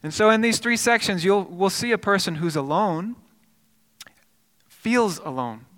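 Man preaching in a church, high bright voice, earnest storytelling, long hall reverb. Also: lively intonation, measured pace. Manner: earnest storytelling with repeated words and restarts. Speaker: pastor. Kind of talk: sermon.

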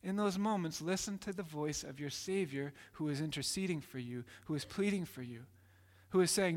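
Male preacher, emphatic sermon delivery, higher register, long reverb. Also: normal speed, darkish tone. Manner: emphatic, acts out voices in quotes.

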